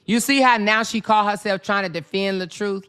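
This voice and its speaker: Woman host ranting on camera; blunt, cursing, mocking, with a bright, clean tone. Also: mid-range voice, steady tone, normal speed, smooth. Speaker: vlogger host. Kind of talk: casual ranting commentary.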